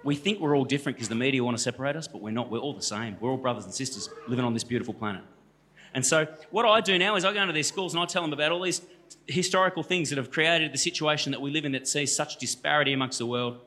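Australian man, quick talker, ringing bright tone, jokey, talks straight to the crowd. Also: medium pitch. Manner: chatty, joking, addresses the audience directly. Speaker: guest speaker and musician. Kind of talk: storytelling talk to a church audience. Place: church hall.

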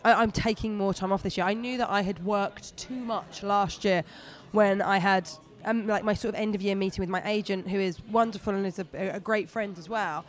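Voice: mid-range voice, steady tone, brisk, few pauses. Chatty stand-up comic. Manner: chatty, rambling, self-deprecating. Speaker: stand-up comedian. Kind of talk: casual interview chat.

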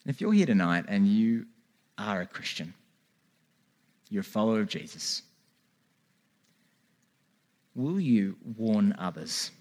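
A man delivers a church sermon in a fairly low voice. He pleads earnestly with his listeners and urges them to respond. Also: very animated, a little slow, a little mellow. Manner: earnest, pleading calls to repent. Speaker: preacher. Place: church hall with a congregation.

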